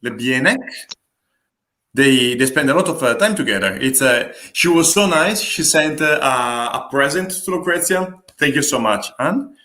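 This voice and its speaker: Lively, bright-voiced male craft host. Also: mid-range voice, normal speed. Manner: hesitant, many fillers and restarts; playful, teasing. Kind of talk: casual livestream chat.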